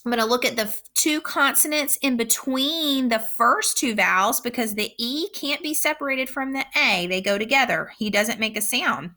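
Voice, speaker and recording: This slightly high, pushed and bright voice belongs to a woman teaching phonics to young kids on a recording. She goes slowly and patiently, enunciating each sound with care and clarity.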